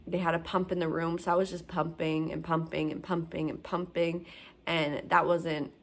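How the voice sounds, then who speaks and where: Young mom telling her story, slightly low voice, rambly with tons of fillers. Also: level tone, normal speed. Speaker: new mother telling her birth story. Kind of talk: casual storytelling.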